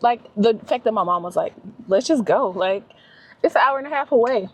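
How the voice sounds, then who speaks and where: A woman's voice: fairly high pitch, lively intonation, a little fast. A woman, talking to herself on a casual, emotional solo travel vlog from her car. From Louisiana, US. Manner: chatty, emotional, talks to herself. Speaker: vlogger. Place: in a car and a restaurant.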